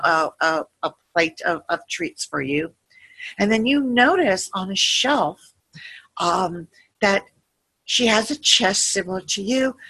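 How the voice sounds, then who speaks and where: Bright, husky-voiced woman guiding a meditation. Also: medium pitch. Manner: meandering, gentle, soothing storytelling. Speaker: meditation guide. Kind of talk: guided visualization with casual asides.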